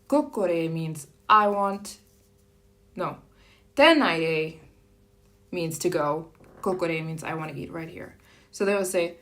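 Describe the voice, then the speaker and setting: A woman hosting a casual live stream, chatting lightly and animatedly, jumping up in pitch for sample phrases. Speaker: livestream host.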